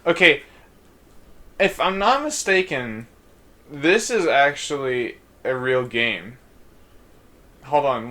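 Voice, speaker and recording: A young man commenting casually as he plays through a game. He rambles and thinks out loud, reading game text along the way. His voice sits at an ordinary middle pitch. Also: very animated, slow pace, pauses often. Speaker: gaming YouTuber. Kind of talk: let's play commentary.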